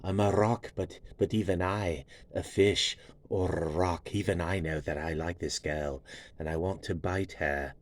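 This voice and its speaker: A man's voice: low voice, fairly even intonation, unhurried, a little hiss or hum. A man voicing a needy little fish. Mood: pleading. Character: lovesick little male fish, pleading and needy.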